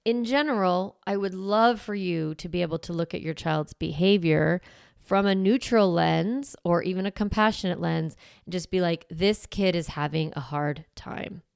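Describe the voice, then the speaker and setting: A woman's voice: on the low side, moderate pace, vocal fry, clean tone, dry recording, studio quality. A woman podcast host coaching parents in a conversational, encouraging way. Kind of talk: podcast teaching monologue.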